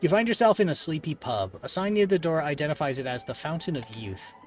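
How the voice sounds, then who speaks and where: A man's voice: fairly high pitch, fairly quick, far from the mic. A man streaming a text game, reading the narration aloud with joking asides. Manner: animated, joking.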